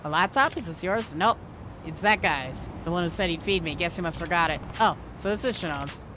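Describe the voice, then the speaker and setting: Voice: mid-range voice, animated, a little fast, background noise. A streamer casually reading video game dialogue aloud, with wry asides.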